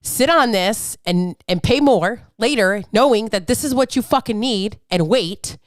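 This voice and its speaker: A woman's voice: a little high, expressive, unhurried, dry recording. Brief: woman in her thirties, fired-up, preachy fitness coach, dry close sound. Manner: blunt, profane, fired-up, preachy. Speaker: fitness coach and podcast host. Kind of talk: unfiltered podcast rant.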